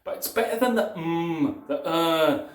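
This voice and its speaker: A man presenting a casual advice video, explaining points in a measured way with occasional restarts. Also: on the high side, lively intonation, reverberant, low-quality recording. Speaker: YouTube presenter. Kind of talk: casual advice talk to camera.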